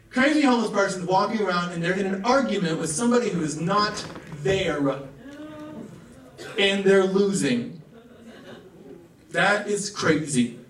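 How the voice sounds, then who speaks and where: A young man from the American South does a stand-up set, rattling off quick asides and jumping into raised character voices. His voice sits a little high for a man, and the roomy club audio is picked up from a mic well away from him. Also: distant mic, slight background noise. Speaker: stand-up comedian. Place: comedy club.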